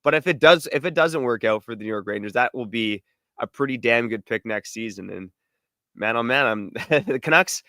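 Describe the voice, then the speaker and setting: A man co-hosting a podcast, explaining things in a measured way. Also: medium pitch, pushed and bright, dry recording, studio quality. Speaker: podcast co-host. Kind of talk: casual podcast analysis.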